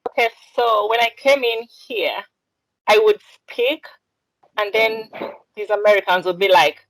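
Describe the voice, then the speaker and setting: Animated Ugandan woman, dry sound. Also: mid-range voice, measured pace, no room sound, poor audio. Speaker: podcast co-host. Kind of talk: casual podcast chat.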